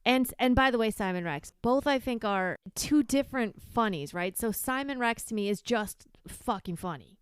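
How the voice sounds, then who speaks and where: A woman's voice: on the high side, animated, moderate pace, few pauses, clear, resonant tone, no room sound. A woman co-hosting a casual podcast chat, chatty and prone to trailing off and restarting. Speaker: podcast co-host.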